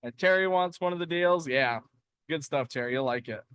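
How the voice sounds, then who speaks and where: A man's voice: fairly high pitch, fairly quick, a bit bright, clean tone. A man co-hosting a casual live stream from a lapidary shop, upbeat and chatty as he answers viewers. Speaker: co-host of a live rock-cutting stream.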